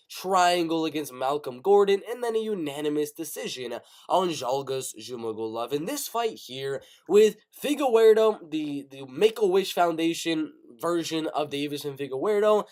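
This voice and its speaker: A man hosting a casual live show, giving animated, rapid-fire fight predictions with play-by-play bursts. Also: on the high side. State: coughing, sick. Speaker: MMA prediction show host. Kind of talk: casual live-stream commentary.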